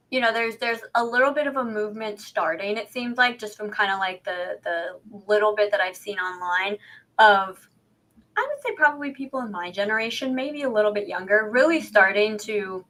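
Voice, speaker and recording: A woman's voice: mid-range voice, sharp tone. A woman co-hosting a podcast in casual chat, talkative and self-deprecating, posing rhetorical questions. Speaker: podcast co-host.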